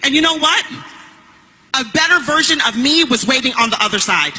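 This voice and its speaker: A woman giving a motivational stage speech as a network marketing speaker, emphatic and punchy, building to shouts. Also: sits high, animated, fairly quick, husky, big-room sound, low-quality recording.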